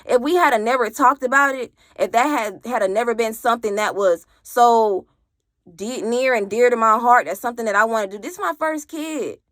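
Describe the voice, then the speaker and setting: A woman's voice: mid-range voice, no room sound, studio quality. A young adult woman telling a personal story in casual chat, blunt and swearing, acting out the people she quotes. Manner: animated, mimics others in quoted voices.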